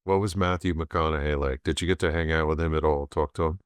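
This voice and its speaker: A man's voice: very deep voice, fairly even intonation, fast talker, clean tone, no echo, clean studio sound. A man hosting a podcast, asking questions casually with short encouraging remarks. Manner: brief encouraging interjections and questions. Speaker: podcast host. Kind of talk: casual interview.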